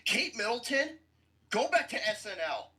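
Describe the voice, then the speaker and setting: A man's voice: very high-pitched, very animated, moderate pace, bright, forceful tone, rough recording. A man hosting a podcast who gives a blunt, profane movie review with explosive outbursts.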